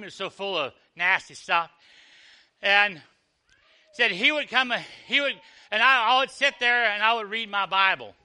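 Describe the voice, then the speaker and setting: A male preacher delivers a storytelling sermon. His voice sits high for a man and sounds very bright and ringing. He acts out the dialogue and often drops low and soft to drive a point home. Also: clear, resonant tone.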